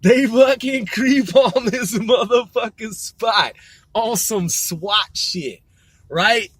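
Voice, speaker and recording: A man in his forties drives and talks slowly, rambling through a casual rant full of swearing and self-corrections for his mobile podcast, recorded in the moving car. His high voice is a bit bright and slightly rough, with no room sound.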